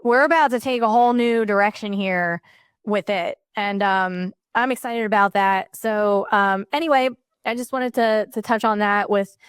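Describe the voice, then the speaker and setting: A woman chatting as a podcast guest, excited and rambling, with many fillers. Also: mid-range voice, moderate pace, clear, resonant tone, no room sound, clean studio sound. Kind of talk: casual chat.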